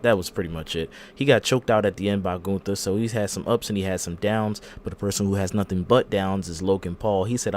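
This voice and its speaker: Low-voiced male podcast host. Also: slight background noise. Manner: animated storytelling, acting out quotes. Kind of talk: casual chat.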